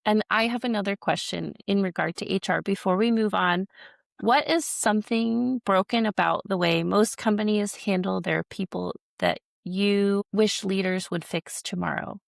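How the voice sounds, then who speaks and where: A woman hosting a podcast interview, asking her guest questions in a measured, inquisitive way. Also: medium pitch, gravelly, dry recording, studio quality. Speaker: podcast host.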